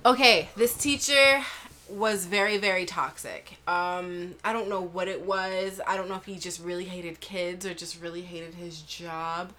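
A young woman from Brooklyn, co-hosting a podcast and telling a story in a casual, profane, animated way. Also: on the low side, measured pace, a little hiss or hum. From Brooklyn, New York. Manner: animated, profane, mimics voices in anecdotes. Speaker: podcast co-host.

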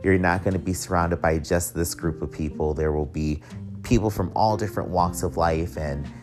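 A man's voice: sits low, fairly even intonation, moderate pace, music in the background. A young man telling a personal story in a candid, profane way, with wry joking asides.

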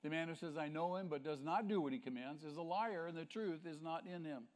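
Pastor guy preaching hard, bit high voice, keeps asking the crowd stuff. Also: a little fast. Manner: emphatic preaching, rhetorical questions to the congregation. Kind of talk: sermon.

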